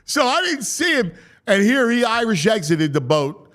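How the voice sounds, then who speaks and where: A man hosting a sports talk show, telling stories in an excitable way, his voice climbing high when he gets worked up. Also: moderate pace. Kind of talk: animated podcast chat.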